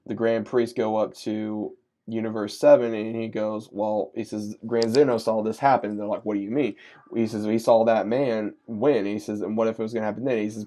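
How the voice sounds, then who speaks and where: A man's voice: on the low side, warm tone. A man casually recapping an anime episode, rambling from one moment to the next and stringing scenes together with "he says". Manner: rambling run-on retelling with many "he says". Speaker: anime reviewer.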